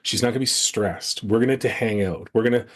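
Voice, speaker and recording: A man's voice: lowish voice, a little fast, a bit bright. A middle-aged man co-hosting a parenting podcast, chatting casually and telling stories with a self-deprecating streak. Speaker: podcast co-host. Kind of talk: casual chat.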